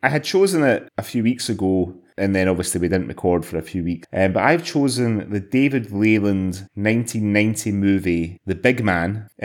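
A man co-hosting a podcast in casual chat, laughing easily and rambling. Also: low-pitched. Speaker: podcast co-host.

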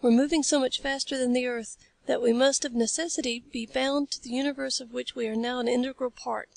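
Carruthers, a calm male scientist, read by a woman. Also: high voice, vocal fry, no room sound. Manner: measured, explanatory.

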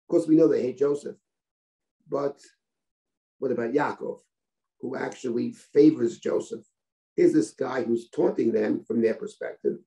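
A man's voice: mid-range voice, warm tone, rough recording. A man giving a Torah study lesson, reading Hebrew verses aloud and translating them, asking "right?" as he explains. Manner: thoughtful, asks rhetorical checks with "right?". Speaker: Torah teacher. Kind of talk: text study lecture.

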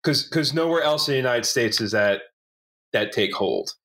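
A man's voice: medium pitch, animated, moderate pace, a bit bright. A man co-hosting a casual podcast, rambling and joking with lots of restarts and swearing. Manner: rambling, profane, many restarts and fillers, joking. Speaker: podcast co-host. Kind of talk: casual chat.

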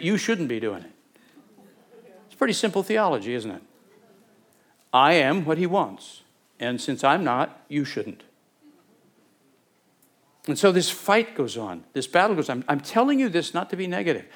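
A man's voice: fairly high pitch, very animated, normal speed. A man preaching a sermon, talking animatedly and acting out Bible scenes in different voices. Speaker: pastor.

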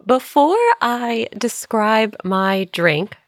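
A woman's voice: mid-range voice, animated, drawn-out words, dry recording, clean studio sound. A woman chatting on a podcast, rambling through a long story. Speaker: podcast player. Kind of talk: casual chat.

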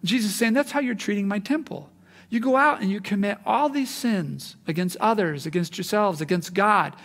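A man preaching a sermon in an animated way, acting out the voices he quotes. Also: high-pitched, normal speed, long reverb tail. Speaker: pastor.

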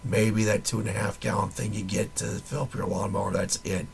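Male podcast host with a low, worn-out voice, nearly gone; rambling, wry, casually profane. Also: level tone, a little fast, gravelly, a little hiss or hum.

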